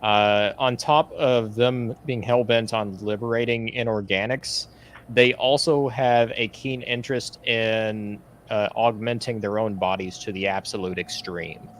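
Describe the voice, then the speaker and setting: A man running a tabletop game as game master, narrating in a relaxed, rambling way with many fillers. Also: on the low side, unhurried, a little hiss or hum.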